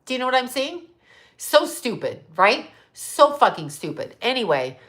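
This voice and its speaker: A woman's voice: on the high side, very animated, moderate pace, fairly bright tone. Blunt, swearing middle-aged woman ranting. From Canada. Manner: answers viewer comments. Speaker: psychic livestream host. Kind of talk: livestream monologue.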